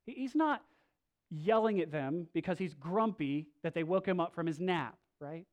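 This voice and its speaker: A male pastor preaching a sermon, moving between loud, slow emphasis and soft, low asides, with casual restarts. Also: lively intonation, dull audio. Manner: conversational, with filler restarts.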